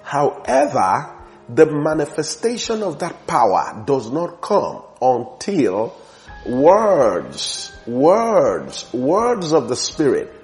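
A man's voice: on the high side, sing-song, slow, a little mellow, faint music behind. Earnest male preacher with stammered restarts. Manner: earnest, repetitive, with stammered restarts and rising emphasis. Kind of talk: sermon.

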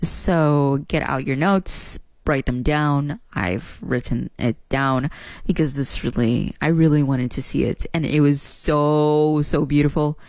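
A woman from Southern Africa hosting a radio show, chatting excitedly. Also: deep voice, takes it slowly, no room sound. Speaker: radio host. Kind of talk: casual radio talk.

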